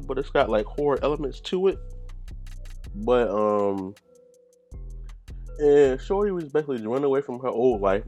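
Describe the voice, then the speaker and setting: A man's voice: on the low side, a little mellow. A man hosting a podcast, talking in a casual, slangy, digressive way and joking as he rambles. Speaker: podcast host.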